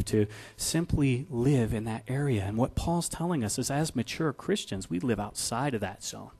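A man preaching a sermon in a conversational way, asking the congregation questions. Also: mid-range voice. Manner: conversational, builds from quiet to loud. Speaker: pastor.

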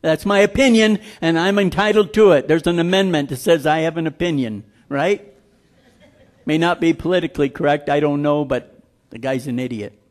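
A man preaching a sermon, blunt and emphatic, slowing down to stress scripture lines. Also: fairly high pitch.

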